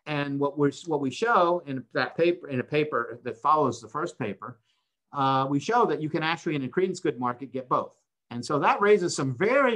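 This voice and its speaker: A man's voice: a little high, fairly bright tone. An older man, a professor of accounting, giving an online seminar lecture, explaining step by step with rhetorical questions and frequent "right?" checks.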